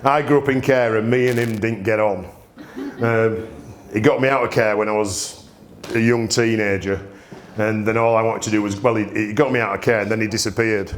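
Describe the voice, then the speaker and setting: A man's voice: lowish voice, fairly even intonation, normal speed. A man, hosting a gin tasting and telling humorous stories in a chatty way, laughing often. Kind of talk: anecdotal storytelling presentation. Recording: roomy echo.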